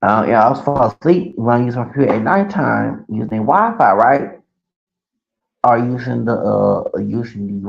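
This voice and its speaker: A man's voice: mid-range voice, normal speed, creaky, highs cut off, faint music behind. A man telling a rambling, profane story on a casual livestream through a computer mic. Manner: rambling, profane, repeats himself.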